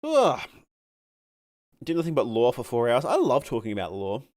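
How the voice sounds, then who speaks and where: A man's voice: medium pitch, huge pitch swings, normal speed. A man streaming a game live, swearing at setbacks and rambling through chat questions with many fillers. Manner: swears freely and reacts loudly to in-game deaths. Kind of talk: live gameplay commentary, answering chat.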